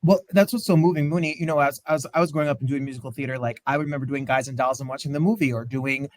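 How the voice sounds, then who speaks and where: Fast upbeat man hosting, dry sound. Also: mid-range voice, steady tone, no room sound. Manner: upbeat, enthusiastic. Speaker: host. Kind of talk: interview hosting.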